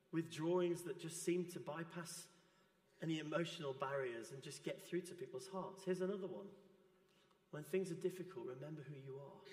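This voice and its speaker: A man preaching a sermon in a church, gentle and earnest. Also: a little high, roomy sound, in a large hall. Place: church hall.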